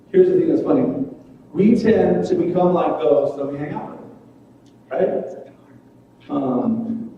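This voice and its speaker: A young man gives a loose, joking youth sermon, throwing questions at the room and poking fun at himself. His voice sits a touch high. The sound is dull and far from the mic, with a long echo from a big hall. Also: slight background noise. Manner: joking, self-deprecating, asks the room questions. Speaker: youth pastor. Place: church hall. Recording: roomy far-off hall recording.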